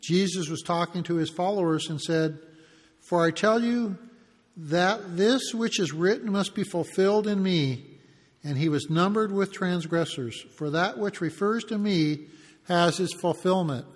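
High-voiced man preaching in a reverberant hall. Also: measured pace. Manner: conversational, acts out the mockers' taunts in asides. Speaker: pastor. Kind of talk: expository sermon.

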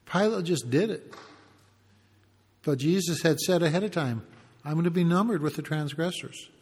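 A man's voice: fairly high pitch, normal speed, darkish tone, husky, big-room sound. A man preaching a conversational expository sermon, reading verses and acting out brief taunts as asides. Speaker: pastor.

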